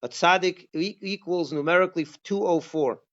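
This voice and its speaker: A man with a high voice gives a religious class as a rabbi. He teaches emphatically and keeps asking his listeners rhetorical questions. The recording sounds dull and lo-fi. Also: normal speed, a bit bright. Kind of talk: Passover class.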